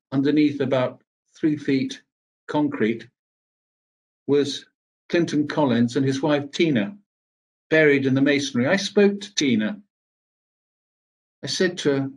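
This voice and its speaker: Older man, slightly raised pitch, grave measured speaker at a commemorative event. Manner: measured, grave storytelling with pauses. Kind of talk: personal recollection in a speech.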